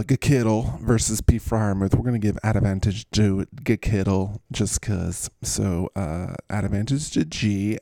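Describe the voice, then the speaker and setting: A man's voice: on the low side, gravelly, mellow, no room sound, studio quality. A man hosting a podcast in casual, rambling chat, full of jokes, puns and running bits. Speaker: podcast host.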